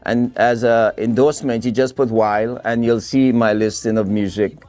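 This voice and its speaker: A man's voice: medium pitch, steady tone, moderate pace, a little mellow, dry recording, soft background music. A man in his fifties from Trinidad with a Trinidadian accent touched by an American twang, chatting as a soca artist guest in an upbeat, boastful way. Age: 50s. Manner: upbeat and boastful, laughs easily. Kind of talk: casual interview chat.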